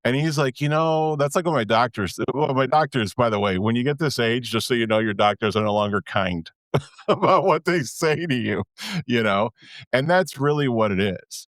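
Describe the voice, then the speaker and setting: A podcast host in his fifties chats casually and candidly, rambling and often breaking off mid-sentence. His mid-range voice is expressive and a bit bright, at normal speed. The recording is dry with clean studio sound.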